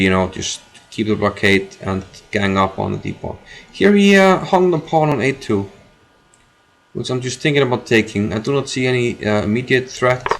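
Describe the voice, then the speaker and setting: A man streaming his own chess game, commenting live as he thinks aloud, repeating phrases and filling pauses. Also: medium pitch.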